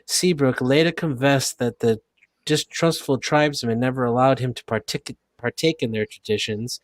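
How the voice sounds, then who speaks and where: A man's voice: medium pitch, normal speed, no echo. Man reading aloud in a dry room. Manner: steady, matter-of-fact reading.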